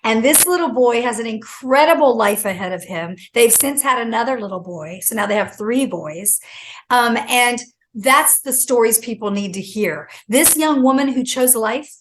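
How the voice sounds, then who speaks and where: A middle-aged woman, a guest author on a talk show, tells a personal story with lively storytelling and acts out the quoted voices. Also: normal speed, a little hiss or hum, low-quality recording. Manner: acts out quoted speech with big pitch jumps. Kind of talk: animated storytelling.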